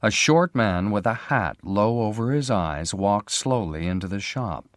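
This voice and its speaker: Slow, expressive male storyteller. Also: lowish voice, no room sound, clean studio sound. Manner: clear, measured, expressive. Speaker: audiobook narrator. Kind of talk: graded reader story narration.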